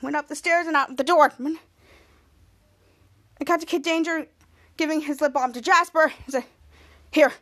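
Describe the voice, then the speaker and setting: A woman's voice: high voice, fairly even intonation, moderate pace, pauses often, fairly bright tone. A woman podcast host casually recapping a TV episode, rambling with frequent restarts.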